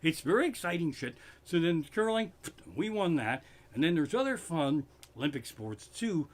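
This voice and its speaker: Male comedian, Pennsylvania accent, cursing rant, animated pitch, living room live stream. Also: moderate pace. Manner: profane, worked-up ranting. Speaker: stand-up comedian. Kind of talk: live-streamed stand-up from home.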